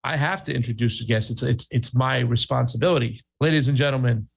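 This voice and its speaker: A man's voice: mid-range voice, fast talker, gravelly, breathy edge. A man with a New York Italian accent co-hosting a casual political talk show, chatty and playful. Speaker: podcast co-host.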